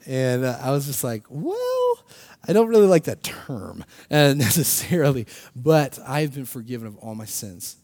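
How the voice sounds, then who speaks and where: A young man telling a personal faith story in a casual, animated way, laughing often and acting out what people said. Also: medium pitch, normal speed, no room sound. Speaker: speaker sharing a personal testimony.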